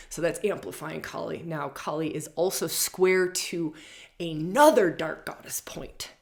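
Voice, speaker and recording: Hosting a spiritual astrology forecast, this woman speaks in a low, creaky, slightly mellow voice. She stresses her points emphatically and returns again and again to key phrases.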